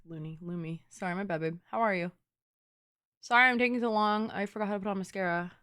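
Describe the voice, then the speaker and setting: A woman's voice: medium pitch, fast talker, sharp tone, clear, resonant tone. A woman in her twenties, a streamer chatting casually and playfully with her live chat, teasing and filling her talk with "like".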